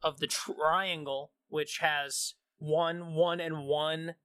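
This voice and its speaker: Man co-host, bright, halting, keeps recapping the bit. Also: a little high, flat delivery, clear, resonant tone, dry recording, studio quality. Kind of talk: casual comedy chat.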